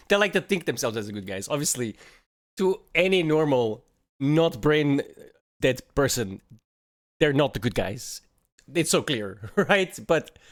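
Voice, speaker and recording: A man's voice: medium pitch, a bit bright. Mocking young man reacting to clips. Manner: mocking, laughs often, swears. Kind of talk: casual reaction commentary.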